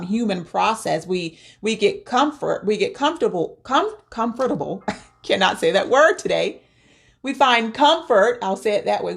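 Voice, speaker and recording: A woman speaks earnestly to her viewers about releasing grief, drawing on her faith. Her voice sits at an ordinary middle pitch, and she often stumbles and repeats words as she searches for them. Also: gravelly. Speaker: faith-based grief vlogger. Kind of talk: personal spoken advice.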